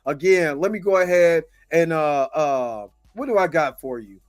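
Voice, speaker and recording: A man's voice: fairly high pitch, lively intonation, a little slow, soft background music. A man hosting a livestream, venting with frustration, repeating himself and thanking viewers by name. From United States. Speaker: host. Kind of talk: impassioned livestream commentary.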